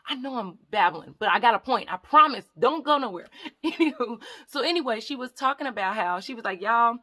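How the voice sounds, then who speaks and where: A woman's voice: fairly high pitch, expressive, fairly quick, bright, forceful tone. A woman vlogger chatting to her viewers in a casual, rambling storytime, often calling them y'all. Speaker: hair vlogger.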